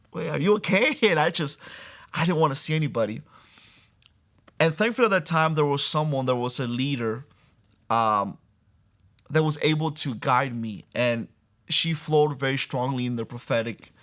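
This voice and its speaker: A man recounts his faith testimony in a sit-down interview recorded in a church. He tells it in an earnest, conversational way at a moderate pitch, often leaning on casual fillers as he goes. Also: fairly bright tone. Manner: earnest storytelling with frequent "like" and "I'm like" fillers. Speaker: guest sharing a faith testimony. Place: church building.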